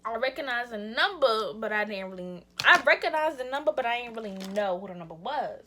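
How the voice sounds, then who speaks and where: Young woman, high bright voice, rambling slangy storytime, lots of "like". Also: animated, brisk, a little hiss or hum. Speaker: vlogger. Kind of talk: casual storytime while getting ready.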